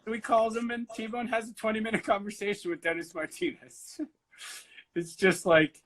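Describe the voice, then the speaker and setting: A man hosting a casual interview over a video call, upbeat and quick to laugh. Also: high-pitched, fairly bright tone, rough recording. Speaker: interview host.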